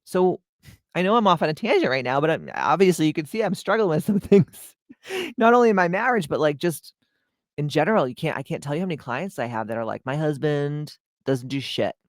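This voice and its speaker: Outspoken woman podcast host and coach, salty and lively, recorded dry. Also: low-pitched, fast, dry recording. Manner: blunt, profane, animated storytelling. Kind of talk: casual motivational podcast monologue.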